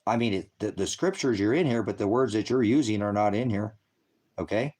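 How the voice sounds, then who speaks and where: A brisk man with a lowish, darkish voice hosts a ministry livestream. He alternates between lecturing on scripture and heckling his chat, swearing at commenters with combative anger.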